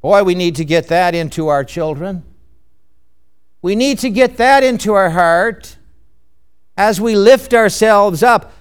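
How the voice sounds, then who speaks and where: Slow, clear-voiced preacher man. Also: high voice, expressive. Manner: emphatic, measured preaching with rhetorical questions. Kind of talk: sermon.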